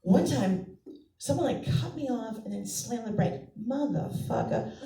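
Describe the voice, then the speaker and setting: A woman's voice: a little high, expressive, unhurried, creaky, warm tone. A woman from Massachusetts, a mother of two, telling family stories in a stand-up set and acting out the voices. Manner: chatty storytelling, acts out family voices. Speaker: stand-up comedian. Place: comedy club stage. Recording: echoey club, mic from a distance.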